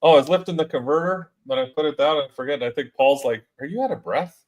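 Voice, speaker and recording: A man's voice: a little high, quick pace, a little mellow, low-quality recording. Loose, profane man hosting a chat. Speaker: podcast host. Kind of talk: casual chat with friends.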